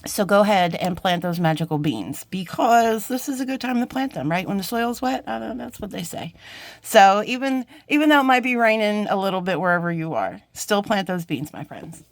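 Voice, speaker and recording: This jewelry-making YouTuber, a woman, talks through a crafting tutorial in a casual, friendly way, often wandering off topic. She speaks at normal speed with medium pitch and lively intonation.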